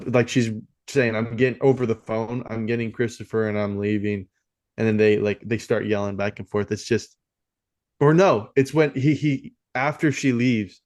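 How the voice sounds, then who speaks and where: A man co-hosting a film podcast talks in a fairly low, slightly mellow voice, casual and rambling, with lots of fillers and restarts.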